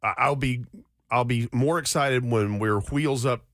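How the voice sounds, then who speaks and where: A man's voice: medium pitch, a little slow, fairly bright tone, dry recording. A man visiting a radio studio as a guest broadcaster, easygoing and self-deprecating in casual banter.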